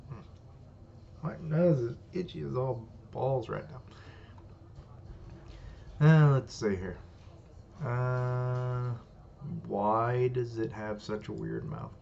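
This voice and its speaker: A man's voice: mid-range voice, slow, gravelly, long pauses, darkish tone. A man reading a comic live and reacting with casual running commentary that swears freely. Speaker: host. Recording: dull lo-fi, faint hiss.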